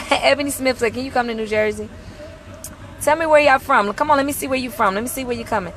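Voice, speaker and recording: A woman's voice: a little high, fast talker, slight background noise. Chatty woman livestreaming from a parked car. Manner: chatty, warmly greets viewers by name with blessings. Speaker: ministry leader livestreaming. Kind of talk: casual livestream chat greeting viewers. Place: parked car outside a mall.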